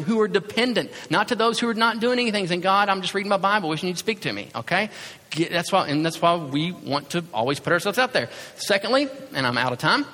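A man's voice: high-pitched, sharp tone. A man preaching a sermon as a pastor, talking conversationally and acting out little asides. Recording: reverberant hall sound.

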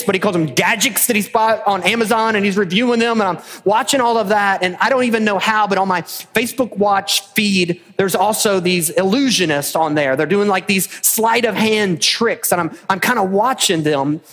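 A pastor preaching a sermon in a pointed, challenging way, with rhetorical questions and casual asides. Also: male voice, high-pitched, fairly bright tone, long reverb tail. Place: church sanctuary.

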